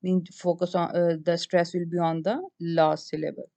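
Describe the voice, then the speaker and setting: A woman with a Pakistani English accent giving a slide-based lecture, explaining each point with halting restarts. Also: fairly low pitch, level tone, vocal fry, dark tone.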